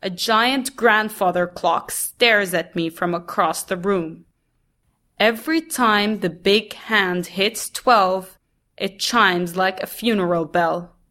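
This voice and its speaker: A woman reading a first-person story aloud in a measured, deliberate way. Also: mid-range voice, pushed and bright.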